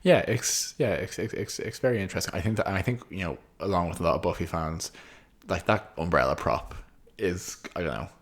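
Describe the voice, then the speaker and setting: A deep-voiced Irish man co-hosting a podcast. He speaks in a wry, opinionated way and lets the odd swear word slip into casual chat. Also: fairly quick. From Ireland. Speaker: podcast co-host.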